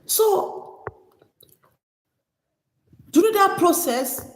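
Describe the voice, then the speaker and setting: A woman's voice: extremely high pitch, expressive, very slow. A middle-aged woman telling her own life story in an emotional monologue, close to tears at times. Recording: echoey room with long reverb.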